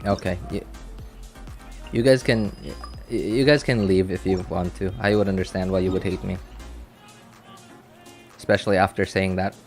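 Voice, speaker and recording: A man's voice: low voice, steady tone, moderate pace, long pauses, darkish tone, soft background music. A man streaming a game and chatting casually, rambling and laughing at himself. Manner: rambling, self-mocking, laughs often. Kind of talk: casual live-stream chat.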